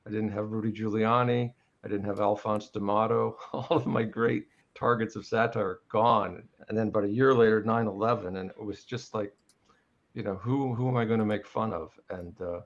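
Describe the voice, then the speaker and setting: A man's voice: lowish voice, steady tone, normal speed, lo-fi sound. A man, a cartoonist guest, telling a story in a dry manner and chuckling through it. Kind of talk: casual panel chat.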